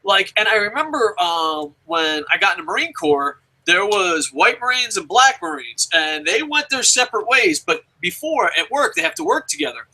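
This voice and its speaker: A man's voice: high voice, very animated, moderate pace, hardly any pauses, pushed and bright, poor audio. A man from New Jersey hosting a casual chat show, rambling and cursing freely with frequent laughs. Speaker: show host.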